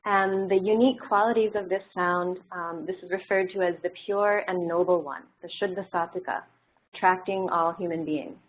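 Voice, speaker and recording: A woman's voice: fairly low pitch, normal speed. Woman teaching a class, tinny sound. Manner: relaxed, explanatory with frequent fillers. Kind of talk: classroom lecture. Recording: tinny phone-like audio.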